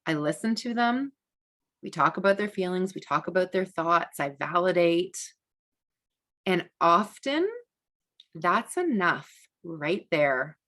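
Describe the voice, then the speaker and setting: A woman teaching a parenting masterclass in a relaxed, conversational way, with frequent fillers and restarts. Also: on the low side, takes it slowly. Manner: acts out gentle validating speech to a child. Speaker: parenting educator.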